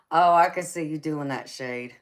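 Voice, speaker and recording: A woman with a low-sitting voice hosts a casual tarot live stream. She chats with and teases her viewers, calls them honey and baby, and laughs often.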